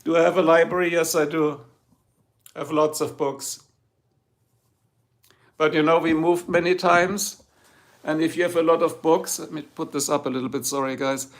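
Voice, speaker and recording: A middle-aged German man with a gravelly, somewhat high voice, hosting a live stream. He speaks English with a clear German accent and rambles loosely, turning again and again to talk straight to his chat. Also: steady tone, normal speed. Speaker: livestream host. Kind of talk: casual livestream chat.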